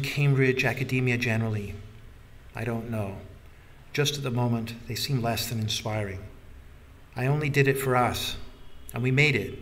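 A man's voice: mid-range voice, natural voice. A man reading a pensive murmuring young wife. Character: young woman, tender and thoughtful wife.

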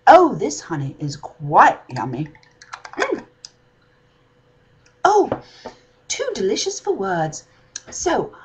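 Woman vlogger at home, put-on British accent, lively sing-song delivery, slightly husky tone. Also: medium pitch, rough recording. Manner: playful, chatty, savoring. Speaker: vlog host. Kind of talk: casual home vlog.

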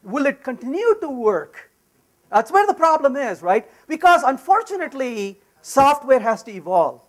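A man's voice: very high-pitched, moderate pace. A man giving a live technical conference talk, joking with the audience and often asking "right?". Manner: animated and joking, repeats "right?". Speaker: conference speaker.

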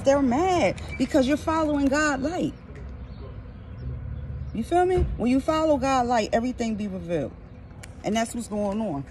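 A woman's voice: high-pitched, heavy background noise. A woman giving a casual tarot reading outdoors, blunt, profane and emphatic. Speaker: tarot reader.

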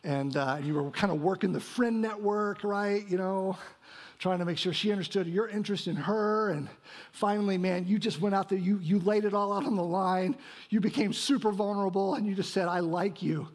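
A man's voice: sits high, fairly quick. A male pastor delivering a sermon, asking rhetorical questions and tagging points with "right?". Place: church sanctuary.

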